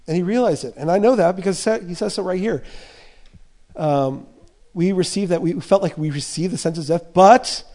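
Impassioned male preacher, fairly high voice. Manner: impassioned, voicing Paul's inner thoughts, swings from loud to soft. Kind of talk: sermon.

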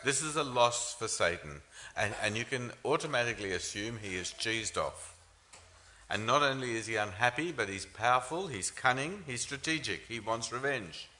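A man's voice: mid-range voice, expressive, moderate pace, bright, forceful tone. A man preaching a sermon as pastor, earnest, with rhetorical questions and frequent "uh" fillers.

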